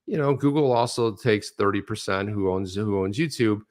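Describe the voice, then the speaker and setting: Man, middle-aged, co-host, rambling restarts, slightly low voice. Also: normal speed. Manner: rambling, animated storytelling with many restarts. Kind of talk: casual chat.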